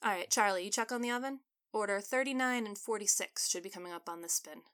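A woman's voice: medium pitch, fairly bright tone, close to an everyday voice. A woman doing a casual male restaurant owner. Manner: casual, brisk with staff.

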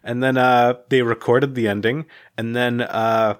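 A man's voice: medium pitch, level tone, unhurried, smooth. A man co-hosting a podcast in casual chat, telling long rambling anecdotes full of "like" and restarts, laughing as he talks. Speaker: podcast co-host.

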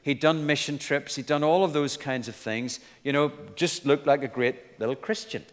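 A man's voice: a little high, fairly even intonation, normal speed, long reverb tail. A man preaching a sermon in an earnest, emphatic way, with light asides.

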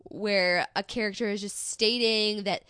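A young woman co-hosting a podcast, giving a wry, sarcastic critique of a TV show in quick bursts. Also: medium pitch, fairly even intonation, bright, forceful tone, clean tone, no echo, clean studio sound. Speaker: podcast co-host. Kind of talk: casual chat reviewing a TV show.

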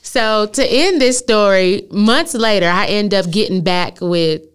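A woman's voice: mid-range voice, unhurried, clean tone. A woman casually telling a story as a podcast co-host, laughing often and acting out quotes. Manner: laughs often, animated retelling with quoted voices.

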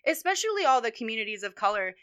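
Woman podcast co-host, higher bright voice, fired-up profane rant. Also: big pitch swings, quick pace, smooth. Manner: heated, profane ranting. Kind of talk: casual political chat.

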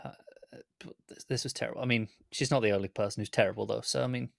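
A man's voice: mid-range voice, fairly even intonation, fast talker, creaky, dry recording, studio quality. A man co-hosting a casual film podcast, blunt and stammering as he starts a thought. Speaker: podcast co-host. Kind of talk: casual movie review chat.

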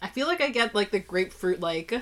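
A young adult woman co-hosting a casual beer review, talking in a halting way with lots of fillers. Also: medium pitch, expressive. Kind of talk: casual chat.

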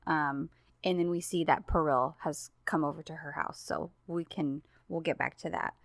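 A woman co-hosting a casual chat recap of a TV drama, animated, laughing often and acting out quotes. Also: deep voice, moderate pace, no echo, studio quality. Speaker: podcast co-host.

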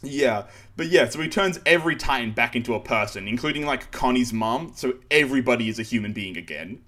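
A man's voice: medium pitch, expressive, fairly quick, a bit bright. A man casually recapping a manga chapter on a podcast, rambling with fillers and sarcastic asides. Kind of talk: casual chat.

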